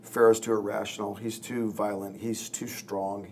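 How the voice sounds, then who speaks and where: A man's voice: on the low side, little pitch movement, moderate pace, darkish tone, a little hiss or hum. A man, a pastor, talking earnestly in a podcast discussion and acting out quoted lines as he tells a story.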